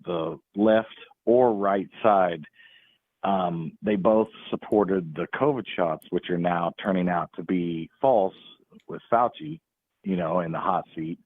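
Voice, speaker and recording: A man's voice: low-pitched, takes it slowly, no echo. A man calling in to a live show, hesitant and earnest with many ums. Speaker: caller. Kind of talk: phone call-in. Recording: tinny phone line.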